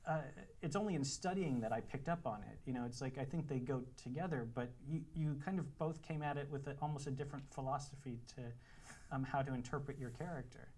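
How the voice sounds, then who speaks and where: A man's voice: mid-range voice, fast talker, darkish tone. A man moderating a cinema Q&A who asks long, rambling questions and hesitates while he searches for words. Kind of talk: panel questions. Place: cinema auditorium with audience.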